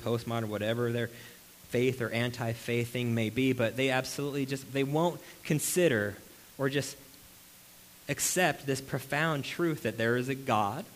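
Guy preaching to a room full of people, mid-pitched voice, animated, asks lots of questions, faint hiss behind. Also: low-quality recording. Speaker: pastor. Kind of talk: sermon. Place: room with a congregation.

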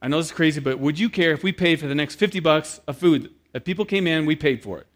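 A man preaching a sermon, telling a story with lively acted-out quotes and then speaking quietly and earnestly to the congregation. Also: fairly high pitch, quick pace. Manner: animated storyteller who acts out quoted voices, then turns quiet and earnest. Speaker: pastor.

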